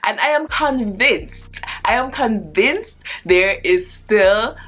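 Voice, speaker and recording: A woman in her twenties telling a personal story on her casual vlog, animated and chatty, with slang and swearing. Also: medium pitch, slow pace, faint music behind. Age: 20s.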